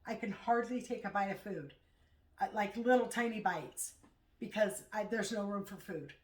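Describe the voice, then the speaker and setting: A middle-aged woman chatting casually at home in a vlog, rambling and halting as she talks. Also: medium pitch. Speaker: vlogger. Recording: echoey room, far from mic.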